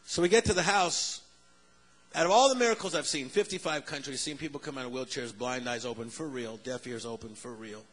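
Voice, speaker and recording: Preacher guy telling a story, husky voice, acts out all the parts. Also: medium pitch, brisk. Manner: animated, acts out the people in his story. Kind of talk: sermon storytelling.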